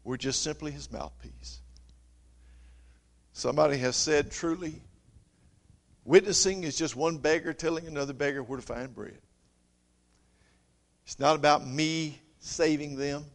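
Preacher man with swelling loud-soft delivery. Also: on the high side, measured pace, creaky, long pauses. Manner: loud emphatic reading that drops to soft intimate storytelling. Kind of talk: sermon with scripture reading.

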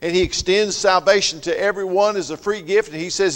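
A man preaching a sermon, his earnest delivery swelling loud and then dropping soft. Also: high-pitched, a little fast, in a large hall.

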